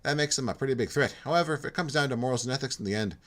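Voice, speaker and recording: This man speaks rapid-fire at a medium pitch, a bit bright, his voice pushed up yet still natural. He's playing a friendly, talkative computer technician eager to explain, whose Minnesota accent wanders into Irish.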